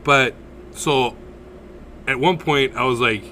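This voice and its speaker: A man's voice: medium pitch, takes it slowly, slight background noise. A man co-hosting a podcast, telling a story in casual chat, full of swearing and laughter. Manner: profane, animated storytelling with laughs. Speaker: podcast co-host.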